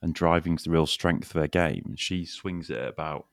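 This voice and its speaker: A man from Lincolnshire with a very deep voice hosts a golf podcast, and the room sounds dry and close. He chats in a jokey, teasing way and throws in quick asides. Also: no echo. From Lincolnshire, England. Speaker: podcast host. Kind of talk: casual podcast chat.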